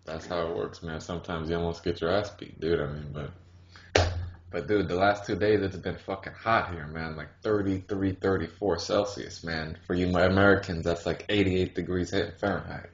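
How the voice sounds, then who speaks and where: A man's voice: deep voice, fairly even intonation, normal speed, reverberant. A man casually telling a crude story, swearing constantly and laughing as he talks. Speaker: podcast co-host. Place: hot-climate country, not the US. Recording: dull lo-fi audio.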